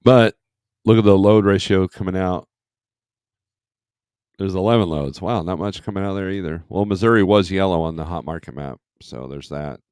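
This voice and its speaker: A man's voice: deep voice, moderate pace, a little mellow, smooth, no echo, clean studio sound. A man hosting a casual trucking livestream, rambling as he reads load listings aloud and comments on them. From Michigan.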